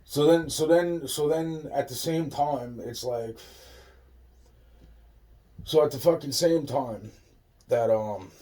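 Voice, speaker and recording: A man's voice: mid-range voice, takes it slowly, pauses often, dark tone, distant mic. A man in a rambling, profane monologue, restarting his sentences again and again.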